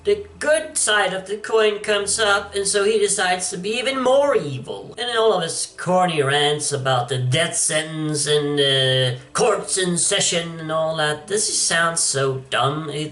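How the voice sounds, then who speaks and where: A man's voice: a little high, expressive, a little slow, hardly any pauses, a bit bright. A man giving casual, wry commentary on a comic book, chuckling as he goes. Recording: echoey room, distant mic.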